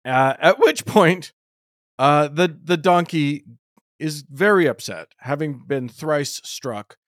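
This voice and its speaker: A man hosting a casual podcast, retelling a story in an animated, joking way. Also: fairly high pitch, takes it slowly, no echo, clean studio sound. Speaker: podcast host. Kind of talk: casual bible discussion.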